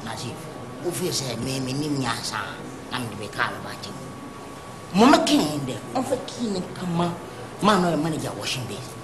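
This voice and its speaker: Excitable Ghanaian man with a lively voice. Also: medium pitch, moderate pace, roomy sound, background noise. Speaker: comic actor. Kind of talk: comedy film dialogue.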